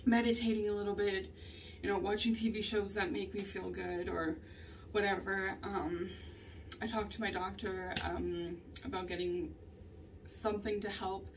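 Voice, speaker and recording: A woman's voice: medium pitch, flat delivery, normal speed. A young woman talking candidly in a casual vlog, swearing often and laughing through her stories. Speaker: vlogger. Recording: distant mic with faint ambient noise.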